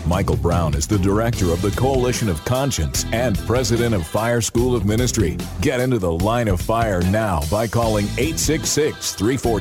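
A man reading a polished, scripted intro for a radio talk show. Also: lowish voice. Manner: formal, polished announcing. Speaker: show announcer. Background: guitar music.

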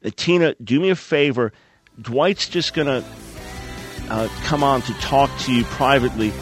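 A man's voice: medium pitch, moderate pace, soft background music. A man hosting a Christian call-in radio talk show in a studio, speaking with an earnest, fervent preacher's delivery. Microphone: studio microphone.

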